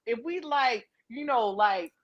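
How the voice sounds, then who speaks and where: A woman's voice: on the high side, expressive, slow pace, muffled recording. A young adult woman chatting casually and profanely with a friend, laughing about her freestyle. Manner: loose, profane, laughing banter. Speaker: co-host. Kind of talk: casual chat and freestyle rap.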